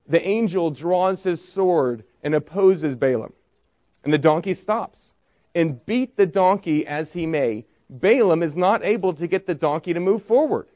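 A man's voice: high voice, a little mellow. A man preaching a sermon, retelling a story with rhetorical questions and briefly acting out its speakers. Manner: storytelling with frequent rhetorical "right?"; acts out quoted voices in retelling. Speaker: pastor.

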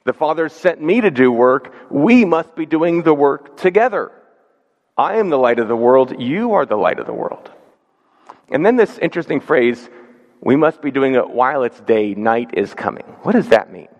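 A man's voice: on the high side, lively intonation. Earnest male pastor preaching in a reverberant hall. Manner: earnest, measured preaching with slow emphatic stresses. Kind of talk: sermon. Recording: dull sound with long hall reverb.

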